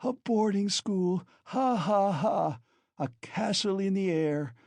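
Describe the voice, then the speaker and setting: A man reading an audiobook, voicing a proud, consumptive impoverished mother who talks in rapid, frantic bursts, panting and coughing. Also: lively intonation, darkish tone, slightly rough, no room sound. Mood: frantic, desperate. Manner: rapid, frantic, shrill outbursts.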